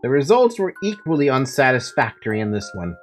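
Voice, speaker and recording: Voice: mid-range voice, sing-song, fairly quick, faint music behind, lightly acted. A streamer reading aloud the theatrical, pompous lines of an eccentric male detective from a game. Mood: grandiose.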